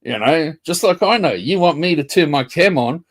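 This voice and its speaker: A man's voice: fairly high pitch, expressive, normal speed. A man ranting confrontationally on a casual livestream, swearing and repeating himself. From New Zealand.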